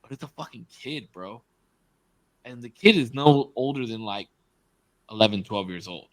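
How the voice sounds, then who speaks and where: A man's voice: medium pitch, animated, normal speed, no echo, poor audio. A man co-hosting a podcast, retelling a story emphatically and swearing often in casual chat. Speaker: podcast co-host.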